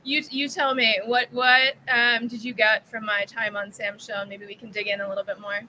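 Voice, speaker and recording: A woman's voice: on the high side, level tone, moderate pace, pushed and bright, slight background noise, low-quality recording. A woman guest joining a podcast on a video call, talking in a friendly, chatty way with many "like"s. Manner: friendly, chatty, uses "like" a lot. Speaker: guest, soccer writer. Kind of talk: casual conversation. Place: room with open windows in a rental home. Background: heavy rain outside.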